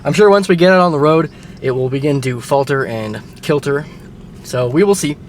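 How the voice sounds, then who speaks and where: A man's voice: on the high side, moderate pace, a little hiss or hum. Chatty, wry guy filming his car fix. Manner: chatty and wry, with mild grumbling. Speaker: car repair vlogger. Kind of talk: casual self-filmed car vlog. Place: outdoors by a car, then inside it driving. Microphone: handheld camera mic.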